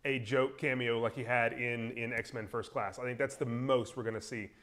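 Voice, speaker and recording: A man from Baltimore co-hosting a casual live show and reading out viewer comments in a brisk, upbeat, chatty way. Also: medium pitch, fairly even intonation, fairly bright tone. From Baltimore, Maryland. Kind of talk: casual entertainment news chat.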